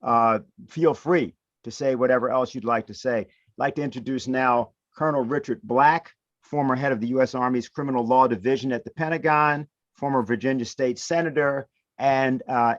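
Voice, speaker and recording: A man's voice: mid-range voice, normal speed, no echo, lo-fi sound. A man hosting and moderating a panel, politely introducing the next speaker. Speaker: host, moderator.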